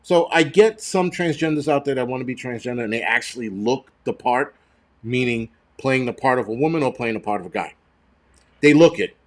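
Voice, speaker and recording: A man's voice: medium pitch, animated. Angry, foul-mouthed man ranting. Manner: angry, profane and blunt; halting restarts and repeated words. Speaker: livestream host. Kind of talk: live-streamed rant.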